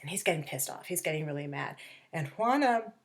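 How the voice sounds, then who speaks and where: A woman's voice: low-pitched, animated. A middle-aged woman teacher talking through a novel for her class at a distance, rambling casually with fillers and restarts. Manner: acts out characters' lines in quick bursts. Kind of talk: remote lesson talk on a novel.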